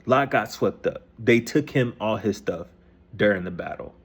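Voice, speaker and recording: A man's voice: on the low side, moderate pace, slightly rough. Laid-back man, slangy and profane. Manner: loose, slangy and profane, with many restarts; reads passages aloud, then paraphrases them. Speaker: host retelling a scripture story. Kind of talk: casual rambling explanation.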